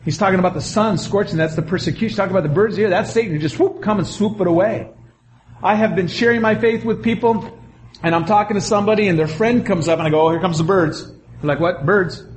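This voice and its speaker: A man preaching a sermon, animated, with quick asides and acted-out quotes. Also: high-pitched, a little hiss or hum. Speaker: pastor.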